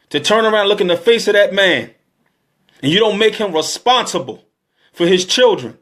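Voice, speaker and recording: Guy in his 30s, high pitched, emotional pleading speech, keeps repeating himself. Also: a bit bright. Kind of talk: impassioned exhortation.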